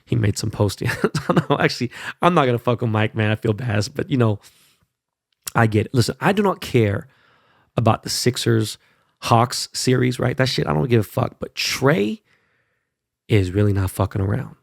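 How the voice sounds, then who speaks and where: Gravelly, profane podcast host ranting. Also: male voice, mid-range voice, lively intonation, moderate pace, dry recording, studio quality. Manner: blunt, profane, fired-up, peppers lines with "right?" and "okay?". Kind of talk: profane casual monologue.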